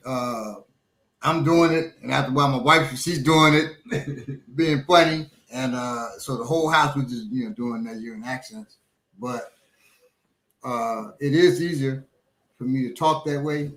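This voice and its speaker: A middle-aged man hosting a casual talk show, his words slightly slurred as he recovers from a small stroke. He speaks haltingly, stopping often and filling gaps with ums and uhs. The room around him rings with echo. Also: medium pitch, a bit bright. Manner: halting, many pauses and fillers. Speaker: podcast host and instructor. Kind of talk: casual chat.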